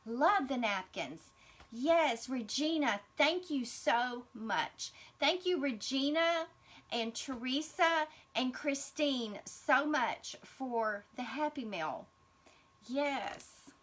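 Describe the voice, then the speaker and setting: A woman's voice: high voice, animated, slow, fairly bright tone. A middle-aged woman, hosting a casual craft livestream and gushing to her viewers as she unpacks gifts. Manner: gushing, chatty, addresses viewers as y'all.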